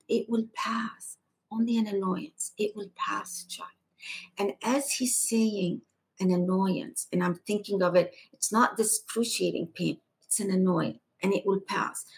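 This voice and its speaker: A woman appearing as a podcast guest earnestly shares a personal testimony, dropping to a hush in the quieter moments. Her voice is medium in pitch with a breathy edge.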